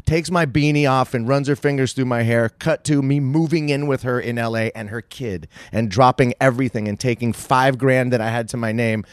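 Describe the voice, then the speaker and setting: A man's voice: medium pitch, brisk, few pauses, smooth, dry recording, studio quality. Brash, profane man in his forties. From San Francisco, United States. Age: 40s. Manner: profane, self-mocking and brash. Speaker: podcast guest. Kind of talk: casual storytelling chat.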